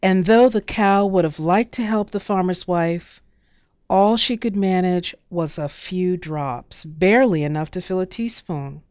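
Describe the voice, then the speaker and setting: Woman, storybook narration, smooth clear voice, dry dull lo-fi sound. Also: on the low side, dry recording. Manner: measured, expressive reading.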